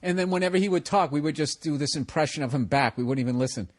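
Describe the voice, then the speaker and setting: A man's voice: on the high side, fast, dry recording, clean studio sound. A man hosting a casual chat, telling rambling, profane stories and laughing through them.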